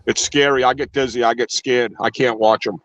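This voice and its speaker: A man's voice: medium pitch, fairly even intonation, fairly quick, fairly bright tone, lo-fi sound. A man chatting casually about boxing, rambling, laughing a lot and swearing constantly. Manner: crude, rambling, laughs often, heavy swearing. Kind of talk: casual profane banter.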